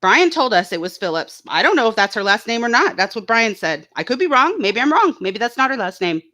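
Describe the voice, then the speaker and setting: A woman's voice: a little high, sing-song, brisk, pushed and bright. A woman hosting her own channel, talking casually and bluntly about online drama, swearing freely and reading out viewers' chat comments. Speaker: YouTube channel host.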